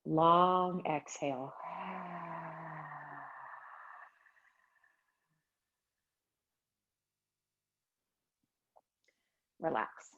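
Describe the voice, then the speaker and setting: A woman guides a chair yoga class at a very unhurried pace, her voice a little low and calm. The livestream audio sounds dull and lo-fi. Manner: slow, soothing guided instructions. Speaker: yoga teacher. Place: home studio livestream.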